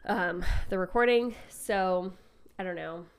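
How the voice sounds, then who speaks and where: A woman's voice: fairly low pitch, measured pace, clean tone. A woman co-hosting a podcast in casual chat, a little congested, speaking into a mic on a stand and filling her talk with "like" and "um". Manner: chatty, full of "like" and "um" fillers, laughs often. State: slightly congested. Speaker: podcast co-host. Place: indoor room at a small table. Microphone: microphone on a stand.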